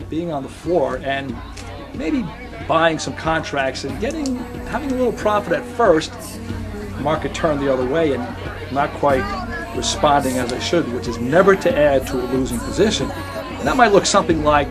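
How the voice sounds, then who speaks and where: An older man, an actor and acting teacher, tells animated stories in a monologue and turns quiet and reflective at times. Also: a little high, normal speed, music in the background, crowd noise. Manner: animated storyteller who acts out scenes, turning quiet and reflective. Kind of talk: storytelling monologue for an actor's slate.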